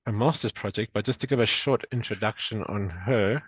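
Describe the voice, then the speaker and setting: A man from South Africa hosting an online journal club. He introduces the speaker in a relaxed, chatty way and fumbles a little. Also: fairly low pitch, a little fast, breathy edge, no echo, rough recording. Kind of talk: casual introduction. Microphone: video call.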